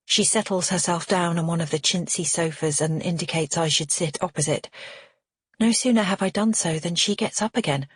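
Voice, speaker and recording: A woman narrating a first-person crime audiobook at a measured, steady pace. Her voice is slightly husky and sits a little low. The sound is close and dry, with no room echo.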